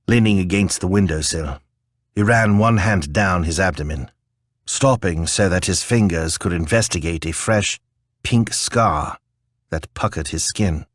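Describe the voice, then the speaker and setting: A man narrating a fantasy audiobook in a measured, calm way. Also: deep voice, dry recording, clean studio sound.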